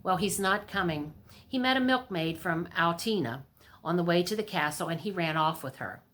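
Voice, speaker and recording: A woman's voice: lowish voice, animated, normal speed, a bit bright. A woman voicing a casual, blunt royal messenger in a storybook reading. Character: blunt, breezy male royal runner.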